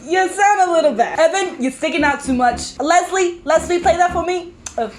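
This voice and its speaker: A fussy, exasperated band director scolds his players in a squeaky, sharply raised voice, as a student imitates him. The delivery is high and whiny, with lots of pitch movement. It sounds like someone doing a teasing impression of a teacher. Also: normal speed, faint music behind. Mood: scolding.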